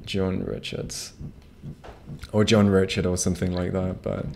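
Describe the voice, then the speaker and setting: A man's voice: low-pitched, level tone, a little slow, creaky, a little mellow, a little hiss or hum. A man streaming a game on a home microphone, rambling casually with lots of swearing and restarts. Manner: rambling, profane, frequent restarts. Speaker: gamer streaming a playthrough. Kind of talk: casual gameplay commentary.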